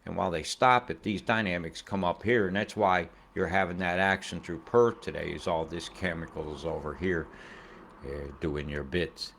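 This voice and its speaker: A man's voice: low-pitched, fairly even intonation, moderate pace, creaky, a bit bright, a little hiss or hum. A man giving casual weather commentary over satellite images, rambling, profane and conspiratorial.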